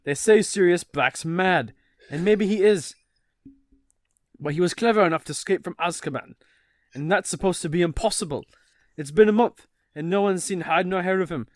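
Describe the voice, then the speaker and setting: A man's voice: high-pitched, normal speed, no echo, clean studio sound, natural voice. A man reading a worried middle-aged wizard father in a fumbling British accent that drifts Irish-Scottish, in a casual podcast table read. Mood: urgent.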